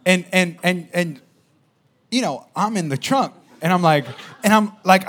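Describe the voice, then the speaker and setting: A man preaching a sermon, telling a personal story in an animated way and speaking straight to the audience. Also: high-pitched, a little slow.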